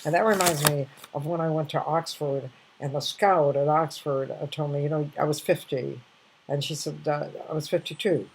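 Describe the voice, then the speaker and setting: A woman's voice: low-pitched, fairly even intonation, normal speed, gravelly, breathy edge, low-quality recording. An older woman casually sharing reflective anecdotes, rambling with many restarts and fillers.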